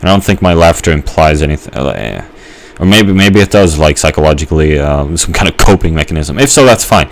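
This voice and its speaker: A man's voice: rumbling low, animated, fairly quick, hardly any pauses. A young man giving a rambling let's-play commentary, musing and hesitant with many fillers and restarts. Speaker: gamer.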